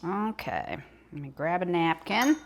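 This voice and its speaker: Older Southern woman, home cook, chatty and folksy, lowish voice. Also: sing-song, unhurried, creaky, a little hiss or hum. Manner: chatty, folksy, talks while eating. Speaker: home cooking vlogger. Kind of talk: casual cooking demonstration.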